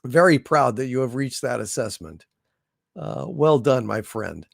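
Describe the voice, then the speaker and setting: A man hosting a livestream, reading out viewer messages in a halting, sincere way with many pauses and repeats. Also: mid-range voice, animated, gravelly, no room sound, studio quality. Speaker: livestream host reading super chats. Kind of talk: casual livestream chat.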